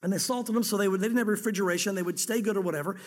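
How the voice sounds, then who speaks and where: A male pastor preaching a sermon, telling the scripture story in a lively way and acting out the dialogue. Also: high voice, racing, big-room sound.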